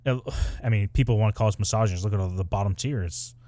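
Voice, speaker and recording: A man's voice: fairly low pitch, fast, dark tone, no room sound. A man co-hosting a casual podcast, rambling and hesitant as he ranks characters, with a playful edge. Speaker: podcast co-host. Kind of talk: casual chat.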